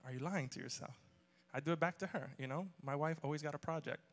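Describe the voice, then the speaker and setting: A pastor with a fast, high-leaning voice preaches a humorous sermon in a church hall, telling jokey stories and bantering with the congregation. Long hall reverb colors the recording.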